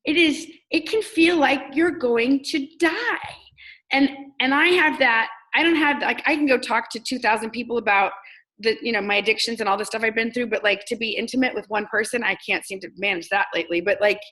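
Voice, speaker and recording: A woman's voice: fairly high pitch, brisk, fairly bright tone, rough recording. Candid woman comedian from Texas. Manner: candid, storytelling, many filler words. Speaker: comedian and speaking coach. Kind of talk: casual interview chat.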